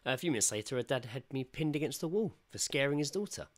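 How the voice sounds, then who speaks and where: A man's voice: mid-range voice, fast talker. A young man co-hosting a casual comedy podcast, telling stories and acting out the people in them. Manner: animated storyteller, acts out quoted voices. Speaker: podcast co-host.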